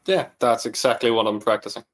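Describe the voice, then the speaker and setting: A man's voice: mid-range voice, a little fast, fairly bright tone. A man, a single father and coaching client, talking earnestly and reflectively in an interview. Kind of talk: casual interview chat.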